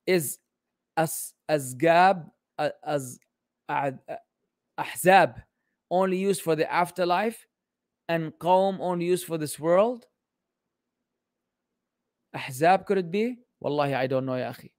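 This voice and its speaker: A man's voice: fairly high pitch, slow, long pauses, no room sound, studio quality. A man teaching Islamic studies in a casual livestream Q&A, joking and exasperated as he answers questions.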